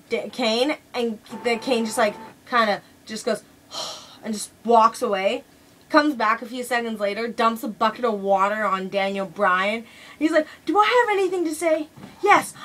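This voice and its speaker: Chatty young woman with a bright voice. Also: fairly high pitch, poor audio. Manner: chatty and rambling, many fillers like "like" and "um". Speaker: wrestling fan reviewing an event. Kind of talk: casual vlog review.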